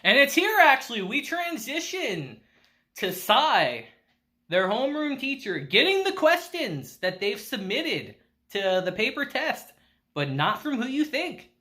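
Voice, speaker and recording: A man casually recapping an anime episode, chatty and animated, laughing often. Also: extremely high pitch, unhurried. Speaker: anime reviewer.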